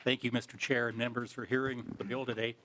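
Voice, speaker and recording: A man, a legislator, presents his bill to a committee in a plain, halting way. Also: mid-range voice, flat delivery, bright, forceful tone, slight background noise. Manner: plain, halting, many fillers.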